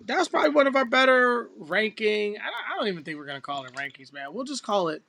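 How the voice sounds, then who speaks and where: A man's voice: high-pitched, expressive, fast talker, creaky, pushed and bright, slight background noise. A man co-hosting a casual podcast, joking loosely and teasing his partner. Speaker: podcast co-host. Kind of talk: casual chat.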